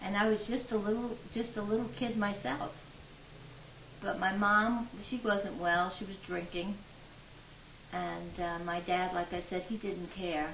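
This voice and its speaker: Older woman with a gravelly voice, heard from afar. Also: mid-range voice, a little slow. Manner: earnest, lively retelling. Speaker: interviewee. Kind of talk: personal storytelling. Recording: distant, dull, noisy, roomy.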